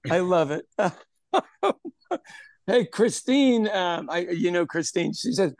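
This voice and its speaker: A man's voice: high voice, lively intonation, takes it slowly, darkish tone, no room sound. Rambling podcast co-host, man. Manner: rambling, repeats words, laughs often. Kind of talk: casual chat.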